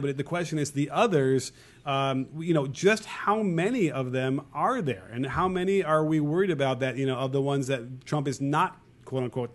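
A mid-pitched man co-hosts a political discussion podcast. He talks loosely, thinking aloud with a wry edge. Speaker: podcast co-host.

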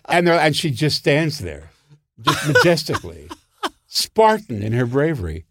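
An older man, a comedy writer, telling show-business anecdotes in casual conversation and jumping into high voices when he quotes people. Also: big pitch swings, normal speed, noisy background.

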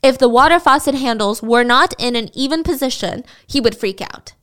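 A woman's voice: high voice, moderate pace, pushed and bright. A young adult woman telling a true crime story in a chatty, blunt style with sarcastic asides. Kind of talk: casual storytelling narration.

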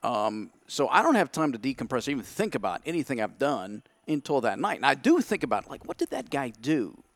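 A man's voice: medium pitch, very animated, brisk. A man, a podcast guest, telling his side of a story candidly and acting out his own thoughts in quotes.

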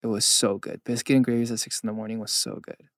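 A man's voice: on the low side, level tone, quick pace, fairly bright tone, no room sound, clean studio sound. A young man from California co-hosting a podcast, chatting casually with playful, joking banter. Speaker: podcast co-host. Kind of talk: casual chat.

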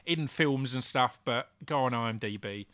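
Bright-voiced chatty guest. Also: male voice, mid-range voice, normal speed, smooth, no room sound, studio quality. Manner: relaxed, chatty with laughs. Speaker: podcast guest. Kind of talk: casual chat.

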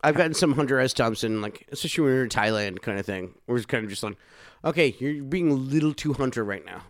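A man's voice: medium pitch, animated, fast talker. A man co-hosting a casual podcast chat, laid-back and laughing often. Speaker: podcast co-host.

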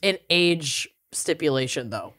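A woman podcast co-host with a lower voice that swings widely as she jokes. She is blunt, swears freely and throws playful insults in casual chat. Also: lively intonation, a little slow, fairly bright tone.

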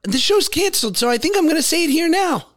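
A man's voice: very high voice, big pitch swings, fast talker, fairly bright tone. A man in his thirties, a guest on a podcast, chatting casually and playfully with jokes. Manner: playful, joking. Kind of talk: casual chat.

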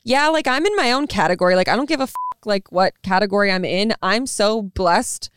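A young woman guesting on a podcast, chatty and quick to laugh as she tells gossip stories. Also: medium pitch, fairly bright tone, a little hiss or hum. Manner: chatty storyteller, laughs often. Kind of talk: casual gossip chat.

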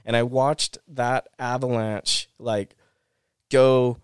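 A man's voice: medium pitch, flat delivery, slow, clear, resonant tone, no room sound, clean studio sound. A middle-aged man, a former pro snowboarder, retelling an avalanche rescue as a podcast guest in a rush of restarts and repeated phrases. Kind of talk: casual storytelling interview.

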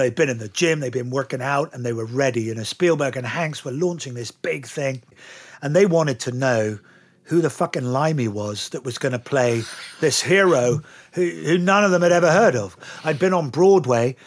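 A middle-aged English actor telling animated stories and laughing easily over a relaxed lunch interview. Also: male voice, medium pitch. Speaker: guest actor.

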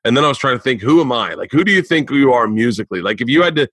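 A man's voice: medium pitch, very animated, racing, a bit bright, husky, no echo. Podcast host guy, average voice, loose and swearing, dry close mic. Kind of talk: casual podcast chat.

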